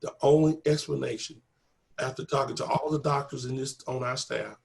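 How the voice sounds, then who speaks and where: This man's creaky, medium-pitched voice keeps a level tone at normal speed. As an interviewee he tells his personal story conversationally, acting out each exchange by repeating "I said" and "he said," an earnest testimony of faith.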